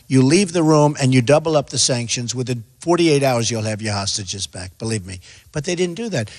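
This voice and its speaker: A man's voice: on the high side, fairly bright tone, slight background noise. A man giving rambling, repetitive, emphatic answers as a candidate fielding questions. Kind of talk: rambling stump-speech answers. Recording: echoey hall.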